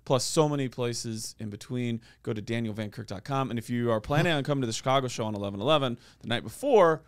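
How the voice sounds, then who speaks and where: Fast-talking man with a gravelly voice. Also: medium pitch, no echo, studio quality. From Illinois, United States. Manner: brisk, plugs shows, tells stage anecdotes. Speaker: podcast co-host and comedian. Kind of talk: casual chat.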